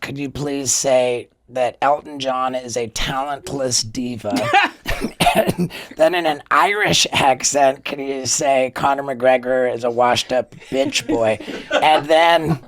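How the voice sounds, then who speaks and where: A man's voice: mid-range voice, fairly bright tone. A man chatting as a podcast guest, telling stories with frequent giggles and stammering restarts. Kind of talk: casual chat.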